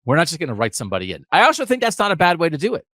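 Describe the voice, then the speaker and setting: A fairly high-voiced man talks through his case with plenty of rise and fall, pressing hard on each point. He jumps between asides and restarts in casual sports talk. The sound is dry and close. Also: huge pitch swings, pushed and bright, no room sound. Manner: emphatic, argumentative, rapid asides. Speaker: podcast co-host.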